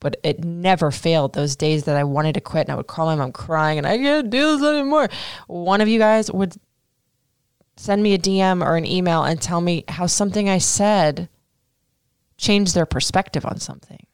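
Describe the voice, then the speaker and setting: A woman's voice: low voice, moderate pace, darkish tone, smooth, dry recording, studio quality. A woman in her thirties hosting a podcast, chatting casually through listener questions with lots of fillers and casual swearing. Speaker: podcast host.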